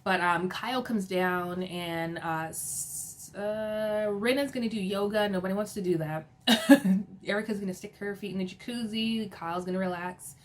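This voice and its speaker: A woman recapping a reality show for her channel in a loose, chatty way. She laughs often and leans on filler words as she runs through what happened. Her voice sits at a middle pitch for a woman. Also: normal speed, slight background noise. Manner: chatty, giggly, filler-heavy. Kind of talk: casual episode recap.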